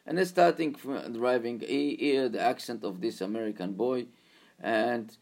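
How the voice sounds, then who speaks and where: Gravelly man telling a story. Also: medium pitch, darkish tone. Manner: halting, repetitive, informal.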